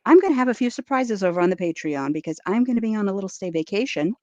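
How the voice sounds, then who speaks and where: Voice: mid-range voice, lively intonation, fast, darkish tone, dry recording. Dry, sarcastic podcast co-host, dull sound. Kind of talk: casual comedic chat.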